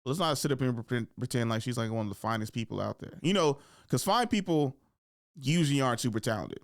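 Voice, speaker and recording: A man's voice: mid-range voice, animated, quick pace, no echo, clean studio sound. A young man hosting a podcast in casual comedic chat, swearing freely and acting out voices. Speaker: podcast host.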